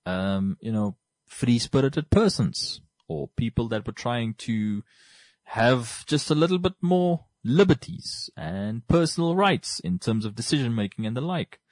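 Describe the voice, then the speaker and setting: A man's voice: medium pitch, lively intonation, unhurried, darkish tone, no room sound. A man hosting a podcast, talking casually about books in a rambling way, often restarting and repeating words. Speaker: podcast host.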